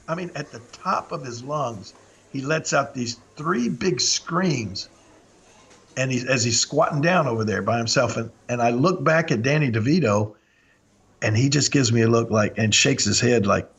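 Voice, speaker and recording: A man's voice: medium pitch, moderate pace. An older man hosting a podcast, telling a story in a casual way and acting out the lines of the people in it. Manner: animated anecdote-telling, acts out quoted lines. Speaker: podcast host.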